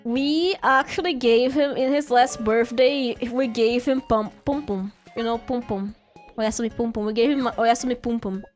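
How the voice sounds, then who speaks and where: A woman's voice: a little high, moderate pace, soft background music. A woman streamer chatting casually while drawing, rambling through stories with lots of giggles and acted-out quotes.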